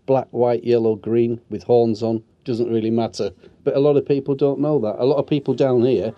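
A man's voice: medium pitch, warm tone, lo-fi sound. A man who was a military medic tells rambling, earnest anecdotes in a street interview outdoors on allotments.

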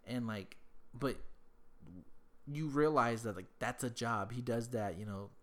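A man's voice: medium pitch, unhurried. A man from Texas telling a loose, rambling story about his daughter and swearing freely. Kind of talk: casual storytelling.

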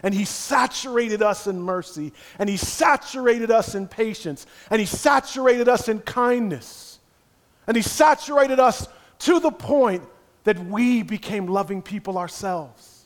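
A man preaching a sermon in repeated rhythmic phrases, swinging from hushed near-whispers to loud impassioned cries. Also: high voice, measured pace. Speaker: pastor.

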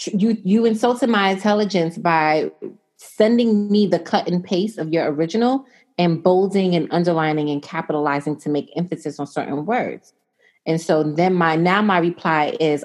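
A woman's voice: fairly low pitch, moderate pace. A young adult woman chatting casually and telling a long story, acting out what people said. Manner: animated storyteller, quotes herself and others in voices.

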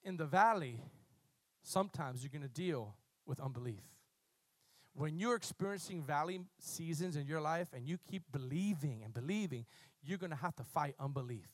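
Male pastor, high voice, fervent sermon with loud peaks and hushed asides, dry close mic. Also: expressive, normal speed, no echo. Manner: passionate preaching, swinging from loud bursts to low quiet asides; calls on the congregation to repeat words.

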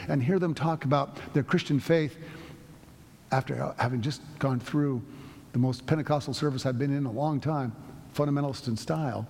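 A male pastor delivers a sermon in a loose, storytelling manner, often restarting his phrases. His voice is a bit husky. The sound carries the long reverb of a church sanctuary. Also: mid-range voice, darkish tone. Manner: storytelling, conversational with many restarts.

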